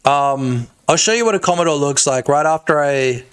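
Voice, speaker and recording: A man in his thirties with an Australian accent, chatting loosely on a game dev stream, joking, swearing and breaking into loud shouts. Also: fairly high pitch, moderate pace, smooth. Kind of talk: casual live-stream chat.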